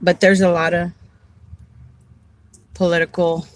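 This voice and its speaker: A woman's voice: lowish voice, flat delivery, unhurried, low-quality recording. A woman and caregiver advocate talking casually on a livestream, heartfelt and rambling, repeating words as she goes.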